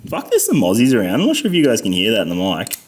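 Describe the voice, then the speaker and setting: An Australian motorcycle mechanic vlogger gives casual workshop commentary while repairing a bike, muttering and swearing constantly in frustration. His lowish voice swoops wildly in pitch and he talks very fast.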